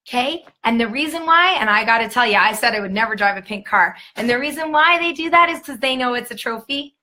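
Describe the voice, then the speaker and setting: A woman leads a motivational training talk on a live stream, with an emphatic, upbeat pep-talk delivery. Her voice is bright and forceful and sits a bit high for a woman. She is recorded close on a webcam or phone. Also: expressive, quick pace, hardly any pauses. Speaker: sales team trainer.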